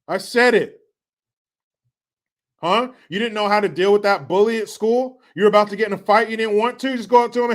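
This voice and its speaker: A man's voice: high-pitched, a little fast. A man hosting a commentary show, riffing in a profane, mocking rant and repeating catchphrases for laughs.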